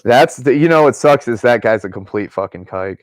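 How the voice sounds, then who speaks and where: A man's voice: medium pitch, expressive, normal speed, no room sound. A man co-hosting a casual podcast chat, profane and jokey, laughing often.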